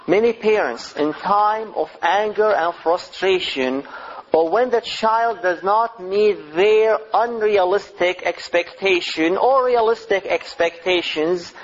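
A middle-aged man giving a religious lecture on parenting, speaking deliberately and asking his listeners rhetorical questions. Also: sits high, a little hiss or hum. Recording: slightly dull lo-fi recording.

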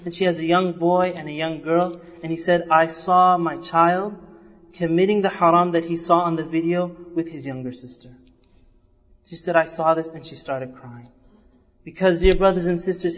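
A man preaching a sermon with earnest, repeated emphasis, quoting Arabic scripture between English lines. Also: a little high. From Canada. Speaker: Islamic preacher. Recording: dull lo-fi recording in a reverberant hall.

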